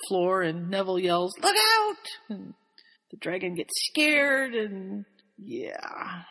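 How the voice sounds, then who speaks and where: A woman's voice: medium pitch, a bit bright. A woman host in casual chat, animatedly recapping a story, laughing often and slipping into quoted voices. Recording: long hall reverb.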